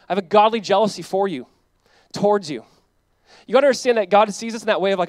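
A man's voice: sits high, quick pace, no echo. A male pastor preaching a sermon in a conversational way, full of asides and acted-out quotes. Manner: conversational preaching, acts out quoted voices, frequent "like".

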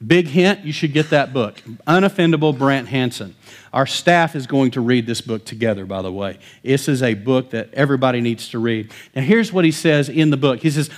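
A middle-aged man preaching from the pulpit, weaving a personal story into the message. His voice sinks almost to a whisper on tender lines, then climbs loud and slow to hammer a point home. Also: mid-range voice, expressive. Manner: storytelling, swings from hushed to loud and emphatic. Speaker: pastor.

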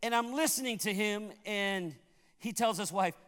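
A high-voiced man from Puerto Rico preaches as a pastor, telling a story with lively delivery and acting out each person in it. The sound carries a long reverb from a large hall. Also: moderate pace. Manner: animated, acts out the people in his story. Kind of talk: sermon storytelling.

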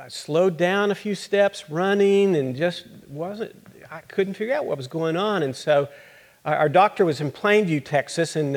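A man playing an earnest teenage girl basketball player in a first-person monologue, halting and repeating words as she remembers. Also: a little high, close to an everyday voice.

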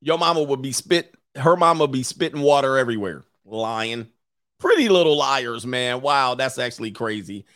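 A man streaming, reacting to a clip with loud laughing commentary and mocking quoted voices. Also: medium pitch, animated, moderate pace, no echo.

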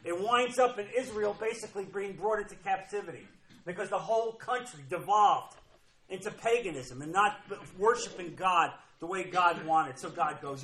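A man's voice: high-pitched, expressive, moderate pace, a bit bright, low-quality recording. A man preaching a sermon, emphatic and repeating key phrases as he reads scripture aloud. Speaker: pastor.

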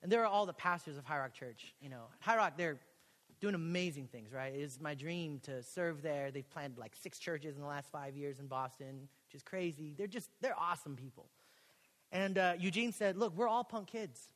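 A young man from Texas, a pastor preaching a sermon in a college chapel, telling a story and acting out the dialogue with lively, casual energy. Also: on the high side, normal speed. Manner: animated storytelling, acts out quoted dialogue. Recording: long hall reverb.

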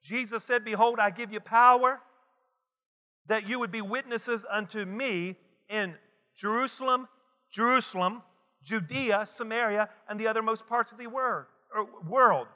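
A high-pitched man preaching with a bright, forceful edge, stacking repeated lines and urging the congregation to answer him. His voice rings out with a long reverb tail, as in a large sanctuary. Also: unhurried. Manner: call-and-response preaching, repetitive and emphatic. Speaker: pastor. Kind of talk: sermon. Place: church sanctuary.

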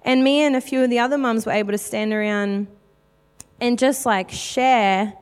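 Woman in her 30s, preacher, casual testimony, slightly high voice, hall reverb. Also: normal speed, clean tone. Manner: candid and chatty, many fillers. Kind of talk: personal testimony sermon.

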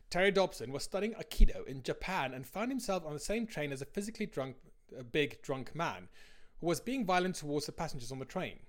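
Candid man reading his blog post. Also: fairly high pitch. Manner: candid, conversational.

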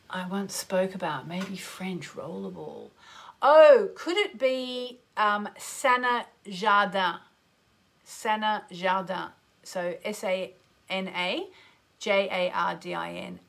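A woman's voice: creaky, fairly bright tone. A woman hosting a live astrology and card-reading radio show, chatty and gushing, greeting listeners by name and breaking into exclamations. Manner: exclamatory, with sudden upward leaps in pitch. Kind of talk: live radio call-in chat.

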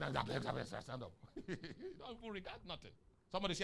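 A Nigerian man preaching a sermon, asking the congregation questions and rising into shouts on key lines. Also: on the high side, sing-song, fairly quick, creaky. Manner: asks the crowd questions and waits for answers. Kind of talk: sermon with call and response.

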